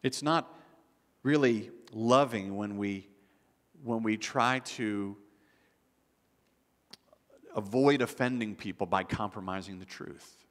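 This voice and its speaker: A pastor delivers his sermon in a relaxed, conversational way, often restarting his sentences. His voice sits on the lower side. The sound carries a long reverb from a church sanctuary. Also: slow, long pauses. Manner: conversational preaching with frequent restarts and acted quotes.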